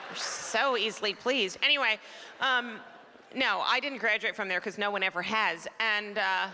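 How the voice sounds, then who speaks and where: A woman's voice: mid-range voice, normal speed, pushed and bright, a little hiss or hum. A middle-aged woman from Canada performing a stand-up comedy set, chatty and self-deprecating, acting out characters. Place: performing arts center stage. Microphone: stage microphone. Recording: live theater with long reverb.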